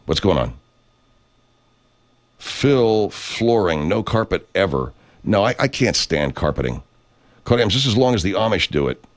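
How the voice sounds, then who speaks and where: A man's voice: low-pitched, very animated, a little slow, pauses often. A middle-aged man hosting a livestream, reading chat and rambling casually with plenty of profanity.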